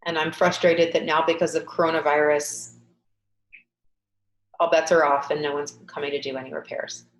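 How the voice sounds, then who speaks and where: A woman's voice: sits low, level tone, moderate pace, pauses often, roomy sound, rough recording. A woman coaching a group webinar through a tapping session, leading repeated affirmations in an emphatic voice and sighing along. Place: home, on a webinar. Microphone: video call webcam.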